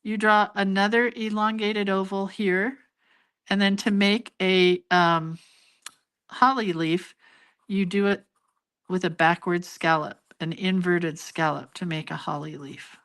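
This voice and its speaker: A woman's voice: mid-range voice, steady tone, a little slow, fairly bright tone. An older woman hosting a casual live drawing lesson, chatting and laughing at her own mistakes as she goes. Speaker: hand-lettering and doodling teacher.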